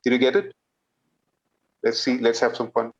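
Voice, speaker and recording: A man's voice: medium pitch, animated, normal speed, lo-fi sound. A man hosting an improv show, telling a story with acted voices and explaining the game, checking in often with the audience. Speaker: improv host.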